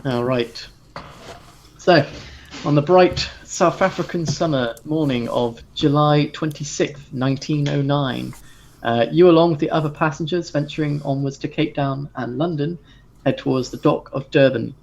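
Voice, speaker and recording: A man's voice: fairly high pitch, moderate pace, gravelly, darkish tone, a little hiss or hum. A man narrating as the game master of a tabletop horror game, in a casual, chuckling, loose style. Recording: dull lo-fi recording.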